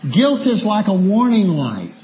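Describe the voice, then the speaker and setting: Man, preacher, sermon, high voice, emphatic, repeats phrases, muffled lo-fi recording. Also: wildly swooping pitch, measured pace.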